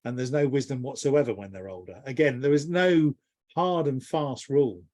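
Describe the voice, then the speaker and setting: With a mid-range, slightly mellow voice at a moderate pace, a middle-aged business mentor gives a long reflective answer in an interview. He rambles thoughtfully and frequently begins again.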